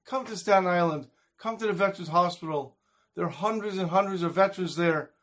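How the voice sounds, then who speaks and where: Man quoting a TV host, coaxing, persuasive, fairly high voice. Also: a little fast, a bit bright. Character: persistent male television host, coaxing.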